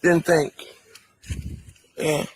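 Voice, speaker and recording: A man's voice: on the high side, flat delivery, very slow, husky, low-quality recording. A young man outdoors outside his house, exasperated and laughing in disbelief as he films a confrontation.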